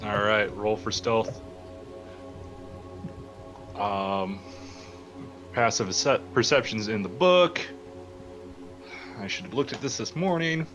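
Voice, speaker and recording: A man's voice: lowish voice, takes it slowly, pauses often, highs cut off, over music. A man running a tabletop roleplaying game as dungeon master, casual and dryly teasing, often laughing.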